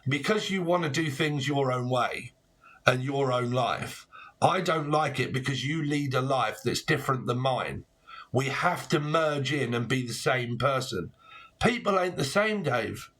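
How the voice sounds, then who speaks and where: Husky man rambling through tarot. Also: mid-range voice, unhurried, a bit bright. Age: 40s. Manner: rambling, punning, swearing freely. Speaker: tarot reader. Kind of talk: casual tarot reading.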